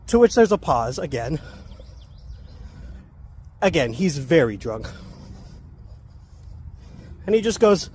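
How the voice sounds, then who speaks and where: A soft-spoken man telling a funny story in a casual, wry way while out on a walk. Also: mid-range voice, animated, normal speed, long pauses, slight background noise. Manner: self-described soft-spoken, wry and amused. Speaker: vlogger. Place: outdoors on a walk.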